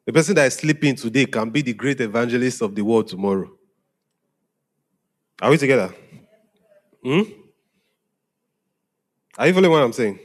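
Pastor guy preaching, chatty, keeps asking if everyone's following, mid pitch. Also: expressive, moderate pace, pauses often. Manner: conversational preaching, often asking "are we together?". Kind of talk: sermon to young congregation.

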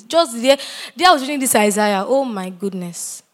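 Impassioned woman preacher, higher voice. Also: lively intonation, moderate pace. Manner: repeats key phrases, building to loud impassioned exhortation. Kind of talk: sermon.

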